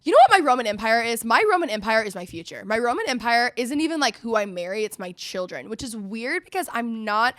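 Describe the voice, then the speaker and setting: A woman's voice: a little high, animated, fast talker, hardly any pauses, no room sound, studio quality. A young woman hosting a solo podcast, chatty and self-mocking, often breaking into laughter. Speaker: podcast host.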